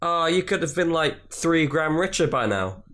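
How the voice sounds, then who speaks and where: A man's voice: a little high, normal speed. A young man hosting a podcast, prompting his co-host and tossing in jokes in casual chat. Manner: lively, prompting, joking interjections.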